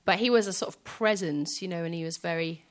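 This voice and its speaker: A woman musician speaking softly and hesitantly in a reflective interview in front of a live audience, filling pauses with small filler phrases. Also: lowish voice. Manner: soft, hesitant, many fillers. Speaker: guest musician.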